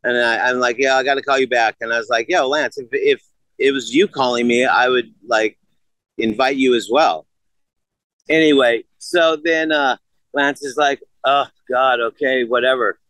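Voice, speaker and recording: This sixty-something man speaks at a medium pitch and normal speed as a podcast guest, casually and animatedly recounting a story laced with profanity and quoted exchanges. The recording is low-quality, with no room sound.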